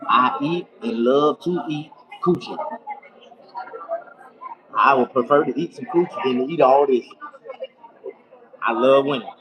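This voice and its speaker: A man's voice: medium pitch, unhurried, long pauses, muffled recording, crowd noise. A middle-aged man ranting crudely to his viewers in casual, boisterous storytelling. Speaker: streamer.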